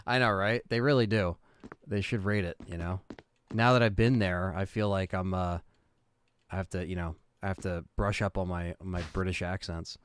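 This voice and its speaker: A man's voice: sits low, steady tone, moderate pace. A man chatting casually with his viewers while playing a game, reading their comments aloud. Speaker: game streamer. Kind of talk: casual live stream chat while gaming. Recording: noisy stream with mouse clicks.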